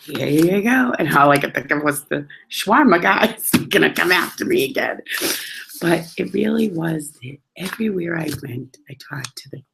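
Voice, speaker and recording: In a low, creaky voice at a moderate pace, a woman tells travel stories with lively energy, and there's background noise. She's chatty and casual, acts out the voices of the people she quotes, and laughs often.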